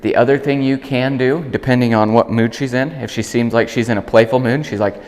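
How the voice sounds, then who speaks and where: A man working as a dog trainer, calmly explaining an outdoor training demonstration and breaking off to call and praise the dog. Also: a little fast, in a large hall. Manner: calm explaining, bursts of high praise calls to the dog.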